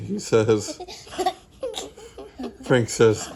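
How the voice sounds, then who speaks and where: A man reading a children's storybook aloud in a gentle, unhurried way. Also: medium pitch, flat delivery, vocal fry. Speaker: storybook reader.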